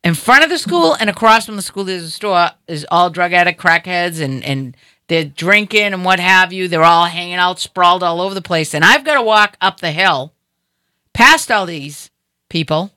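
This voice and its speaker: A middle-aged woman hosting a casual chat, telling an animated story and acting out other people's voices. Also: lowish voice, moderate pace, no room sound.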